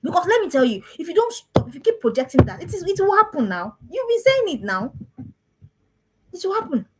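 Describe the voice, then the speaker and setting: A woman's voice: extremely high pitch, very animated, fairly quick, background noise. A woman, a parenting coach giving an emphatic talk to parents and repeating phrases for stress.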